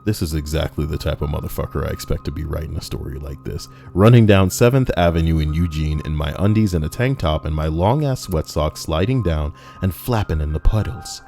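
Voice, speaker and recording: A man's voice: a bass voice, brisk, creaky, hardly any pauses, dark tone, faint music behind. A man reading stories aloud and breaking off into mocking, profane rants at the writer and the listener. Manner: brash, mocking, profane rants between read passages. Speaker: story reader and commentator.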